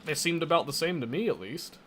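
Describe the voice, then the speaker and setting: A man's voice: fairly high pitch, brisk, fairly bright tone, slight background noise. A man casually commenting on his own gameplay, muttering to himself and correcting his mistakes as he goes. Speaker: gameplay streamer.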